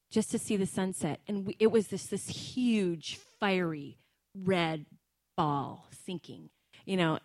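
A woman's voice: medium pitch, dry recording. A middle-aged woman preaching a sermon in an earnest, conversational way, often slipping in ums and asides.

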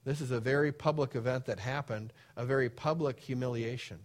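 A man's voice: medium pitch, brisk. A man preaching a sermon, reading scripture verses aloud and then explaining them in plain conversational asides.

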